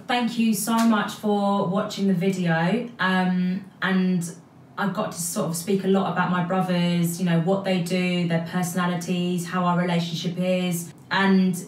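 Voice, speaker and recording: A young woman talks straight to camera about her family, chatty and open, her voice on the lower side. She sits back from the mic in an echoey room. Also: recorded from a distance, a little hiss or hum. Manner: chatty, emotional, says "like" a lot. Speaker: vlogger. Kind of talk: personal vlog talk to camera.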